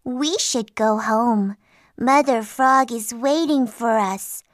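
A woman's voice: on the high side, slow pace, dry recording, studio quality. A woman voicing a small, timid young male frog in a children's storybook, whiny and pleading. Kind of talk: storybook acting.

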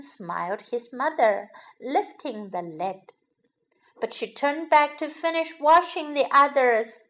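A woman narrating a children's story in a slow, lilting, expressive way. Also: on the high side.

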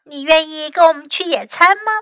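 A woman's voice: sits high, a little fast, fairly bright tone, no echo, pitched above the performer's own voice. A woman voicing a brave, eager young animal in a bilingual storybook reading.

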